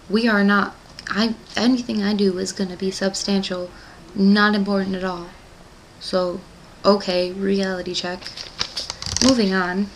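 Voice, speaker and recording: Chatty young woman with a gravelly edge. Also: mid-range voice, level tone, moderate pace, slight background noise, poor audio. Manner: rambling, chatty, heavy on "like" and "um"; gushing fan enthusiasm. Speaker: book club vlogger. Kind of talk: casual book recap.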